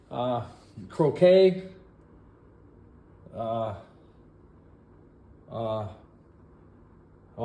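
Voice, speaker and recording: A man giving a playful, self-mocking walk-through of a house set up for an estate sale, breaking into excited exclamations. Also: fairly high pitch. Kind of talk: walk-through tour narration.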